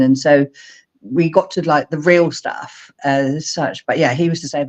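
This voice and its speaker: A middle-aged woman from England, a guest on a video-call interview, telling animated stories and acting out her own past lines. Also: low-pitched, moderate pace, highs cut off. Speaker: guest, speaker mentor. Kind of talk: casual interview chat.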